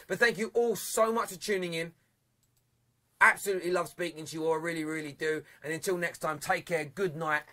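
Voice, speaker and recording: A man hosting a live football phone-in, chatty and upbeat, quick to laugh with callers. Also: fairly high pitch, pushed and bright. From England. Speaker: phone-in show host.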